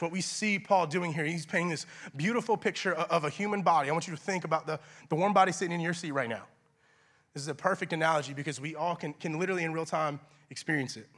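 Bright-voiced, conversational male preacher. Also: fairly high pitch. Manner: earnest, conversational preaching with casual fillers; drops soft and quiet for prayerful lines. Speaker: pastor. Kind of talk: sermon.

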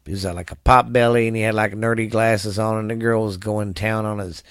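A man's voice: on the low side, steady tone, a little fast, clear, resonant tone, no room sound, studio quality. A tired man hosting his own podcast in loose, rambling, crude casual chat, coughing and trailing off. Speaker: podcast host.

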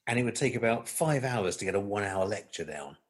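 A male podcast co-host chatting and telling a story in an animated way, with halting fillers and a husky voice. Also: on the low side. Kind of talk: casual chat.

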